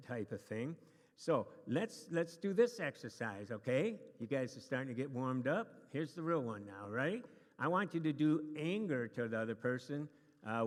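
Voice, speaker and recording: A man teaching a church class to a live group, chatty and joking, with many restarts. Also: mid-range voice. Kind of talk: casual lesson to a live group. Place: church meeting room. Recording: long reverb of a hall.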